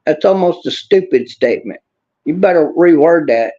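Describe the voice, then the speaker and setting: A man's voice: fairly high pitch, expressive, moderate pace, warm tone, lo-fi sound. A man hosting a political livestream, talking bluntly and angrily, swearing and answering chat comments. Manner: blunt, angry, swears, talks back to chat. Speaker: livestream host reading chat. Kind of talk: casual political livestream rant.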